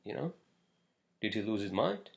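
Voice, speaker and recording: A man's voice: on the low side, very animated, normal speed, vocal fry. A man hosting a casual solo podcast, ranting bluntly with lots of swearing and filler words. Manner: blunt, profane, rambling with many fillers. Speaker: podcast host.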